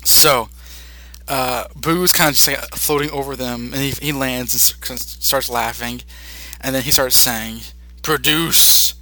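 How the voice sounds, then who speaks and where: A man's voice: mid-range voice, steady tone, a little slow, sharp tone, no echo. A young man hosting a podcast, casually retelling a cartoon episode with many fillers and restarts. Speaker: podcast host.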